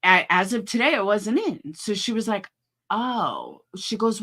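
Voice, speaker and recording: A woman with a bright, forward voice hosts a casual livestream from home. She talks frankly and chattily, greeting viewers by name and swearing freely. Her pitch sits in the middle of the range. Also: animated, measured pace, slightly rough. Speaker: livestream host.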